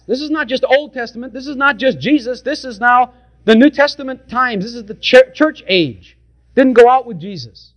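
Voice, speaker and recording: A man's voice: very high-pitched, animated, normal speed, a bit bright. A male preacher delivering an emphatic sermon and speaking directly to his congregation, often repeating his points.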